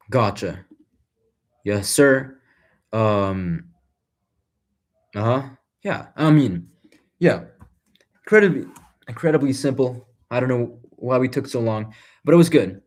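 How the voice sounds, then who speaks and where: Slow and animated, with frequent pauses, a young man mutters through his math homework for the camera in a small room. His medium-pitched voice has a darkish tone, and his self-talk often trails off as he addresses himself and his viewers.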